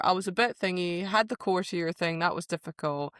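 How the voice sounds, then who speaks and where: A woman's voice: lowish voice, fairly quick, a bit bright, clean tone, dry recording, clean studio sound. A woman co-hosting a book podcast in casual chat, animatedly retelling scenes, acting out quoted lines and laughing often.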